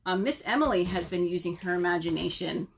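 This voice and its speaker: A woman working as a children's librarian, reading a picture book aloud in an animated, sing-song way and asking the children questions, recorded at home. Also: on the low side, a little fast, a little hiss or hum. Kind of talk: storytime read-aloud for children.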